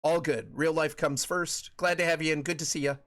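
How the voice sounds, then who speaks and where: A streamer in his thirties hosts a live gaming session, rambling casually to viewers with many repeats and fillers. He speaks fairly quickly in a somewhat high, slightly bright voice that keeps a steady tone.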